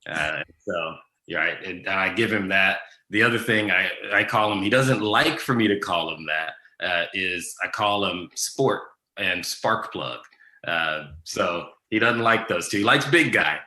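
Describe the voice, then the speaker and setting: A man with a fairly low voice and a bright, forward tone answers questions in a relaxed, casual way. He pauses on ums and restarts his sentences as he thinks. The room around him rings with noticeable echo. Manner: easygoing, many ums and restarts. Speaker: guest. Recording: echoey room.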